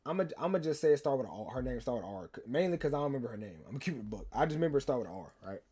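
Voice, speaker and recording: A man's voice: mid-range voice, big pitch swings, rapid-fire, mellow, husky. A young man, telling a rambling, slangy story to his stream chat and teasing viewers. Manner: rambling, slangy, repeats himself, teases chat.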